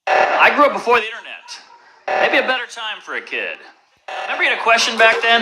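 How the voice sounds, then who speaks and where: A man performing a stand-up comedy set with deadpan dark one-liners and questions to the crowd, on a club stage. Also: sits high, brisk. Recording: loud background noise.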